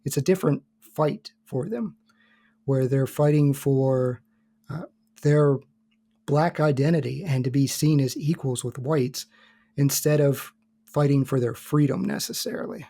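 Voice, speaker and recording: A man speaking as a guest on a podcast. His voice has a mellow, dark tone at a middle pitch. He lays out his points in a calm, measured, explanatory way. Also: creaky. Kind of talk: casual podcast discussion.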